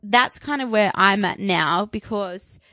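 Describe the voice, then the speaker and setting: A woman's voice: mid-range voice, measured pace, pushed and bright. A woman in her thirties co-hosting a casual podcast chat, rambling with lots of fillers and frequent laughter. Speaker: podcast co-host.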